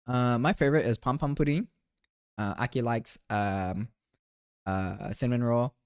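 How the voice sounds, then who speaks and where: In a dry, studio-quality recording, a mid-range voice with a clear, resonant tone speaks at a measured pace. It's a young streamer casually recapping his trip over photos, playful and rambling, saying "bro" often and urging viewers to chime in.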